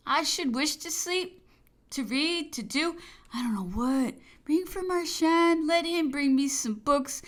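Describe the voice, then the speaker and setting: A woman's voice: sits high, a little slow, pitched above the performer's own voice. A woman voicing an aging male emperor who is commanding and brusque, giving curt imperious orders. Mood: weary.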